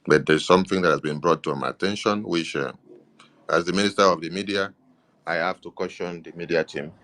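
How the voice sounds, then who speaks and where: A man's voice: sits low, fairly quick, a bit bright. A man with a Nigerian accent, speaking as a government media minister in an impassioned political address, stressing points with repeated affirmations.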